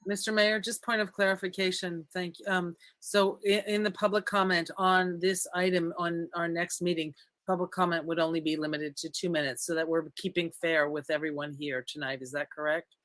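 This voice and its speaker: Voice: mid-range voice, level tone, normal speed, fairly bright tone, dry recording. Council member, polite hesitant clarification, dry close sound. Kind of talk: council meeting discussion. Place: city council meeting.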